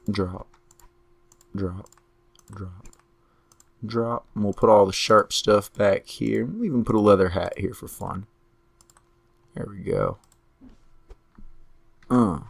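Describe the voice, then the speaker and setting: A man commentating his own strategy game play in a relaxed way, talking through each move while he is losing his voice. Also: lowish voice, creaky, dry recording. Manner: unhurried, talks through each move to himself. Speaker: gameplay commentator.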